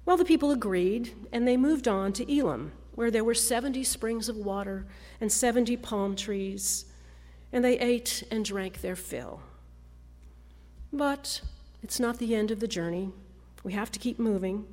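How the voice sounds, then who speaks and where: A woman pastor delivering a sermon in a measured, storytelling way. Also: a little high, darkish tone. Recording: long reverb of a large church hall.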